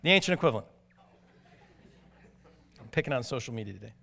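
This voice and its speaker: A man preaching a sermon, telling stories animatedly and moving from excited to hushed and grave. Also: mid-range voice, fast, gravelly. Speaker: pastor.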